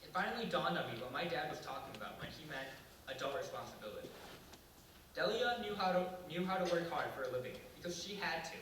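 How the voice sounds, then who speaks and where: Teen boy, bright voice, reading an essay from a distance in a very echoey room. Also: on the high side. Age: teens. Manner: halting intro with fillers, then steady reading. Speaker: student reader. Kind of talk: reading a personal essay aloud. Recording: echoey room from far off, faint noise.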